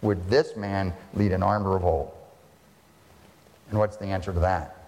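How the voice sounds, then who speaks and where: A male pastor preaching a sermon in a church hall, lively and full of rhetorical questions. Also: low-pitched, unhurried. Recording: long hall reverb.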